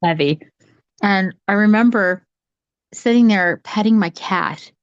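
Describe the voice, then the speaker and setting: A woman talking casually from home on a video call, telling a childhood story in a rambling, animated way with many restarts. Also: medium pitch, a little slow, smooth, no echo, dull audio. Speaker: psychic medium sharing her story. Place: home, cat nearby.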